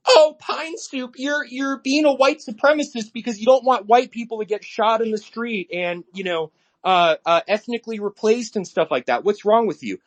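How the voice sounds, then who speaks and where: A man's voice: very high voice, normal speed, pitched above the performer's own voice. A man putting on a whiny mocking commenter.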